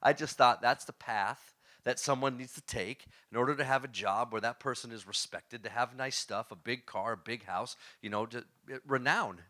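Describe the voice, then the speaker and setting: A man giving a storytelling talk to a live audience. He is animated, laughs often, and throws questions at the crowd. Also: mid-range voice, moderate pace. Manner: laughs often while telling stories. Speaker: motivational speaker.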